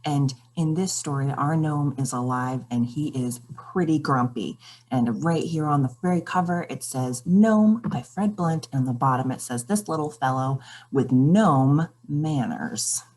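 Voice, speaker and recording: A woman's voice: low voice, normal speed, darkish tone. A woman reading a children's picture book aloud, expressively questioning the characters. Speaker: read-aloud storyteller.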